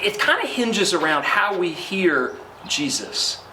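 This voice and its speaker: A middle-aged man preaching a conversational sermon, pausing now and then with fillers, recorded outdoors. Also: high-pitched, sing-song, pushed and bright. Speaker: pastor. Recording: roomy, from a distance, faint outdoor noise.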